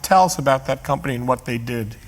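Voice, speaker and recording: A man's voice: mid-range voice, fast talker. A man hosting a live interview event, giving a formal, scripted introduction and asking questions. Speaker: interview host. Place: lecture hall with audience. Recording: long hall reverb.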